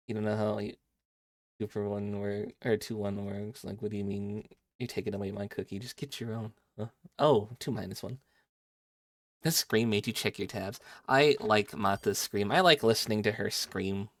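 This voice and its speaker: A man's voice: lowish voice, fairly even intonation, moderate pace, no echo. Playful man chatting on a headset. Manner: chatty and playful, reacting to chat as he plays. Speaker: streamer. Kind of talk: casual live game-stream chat with viewers.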